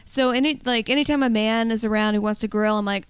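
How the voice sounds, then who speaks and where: A woman with a smooth, clear voice set a little high. She chats in a wry way, close and dry on the mic. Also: fast, no room sound. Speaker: podcast co-host, comedian. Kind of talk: casual chat.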